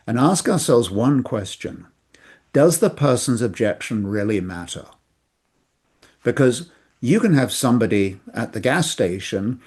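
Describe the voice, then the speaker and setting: A man hosting a talk on handling objections, earnest and measured, acting out the replies he suggests. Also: medium pitch, vocal fry, a little mellow, husky. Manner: measured, earnest speaker who acts out quoted replies. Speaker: host.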